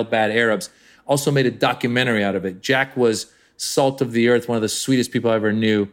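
Animated male comedian telling stories. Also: medium pitch, moderate pace. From United States. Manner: animated storyteller, acts out voices. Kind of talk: interview conversation.

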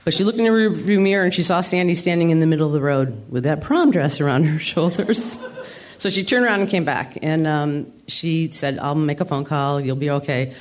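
Low-voiced woman telling a wry story on stage. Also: a little fast. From Adirondacks, New York. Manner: wry, self-deprecating comic storytelling. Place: theater stage before an audience.

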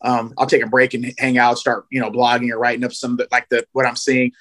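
Man, casual podcast guest, rapid animated storytelling, slangy. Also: medium pitch. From Southern California. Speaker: guest, fishing program organizer.

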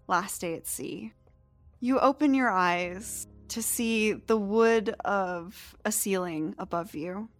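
A woman's voice: mid-range voice, fairly bright tone, no echo. A woman narrating as game master, describing scenes in a playful way with lots of fillers.

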